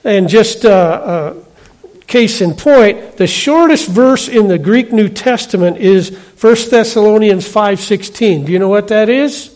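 A middle-aged man preaching a sermon in a conversational way, often checking in with the congregation with quick questions. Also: sits high, darkish tone. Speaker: pastor.

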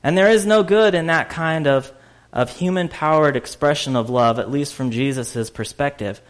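Slightly high-voiced man preaching. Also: normal speed. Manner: conversational preaching with fillers, laughs and sudden loud bursts. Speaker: pastor. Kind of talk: sermon.

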